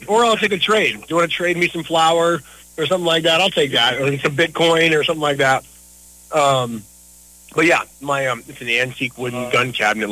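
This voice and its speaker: A man's voice: medium pitch, bright, forceful tone, no echo, poor audio. A middle-aged man talking casually as an interview guest, earnest and a bit rambling. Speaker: interview guest, local business owner.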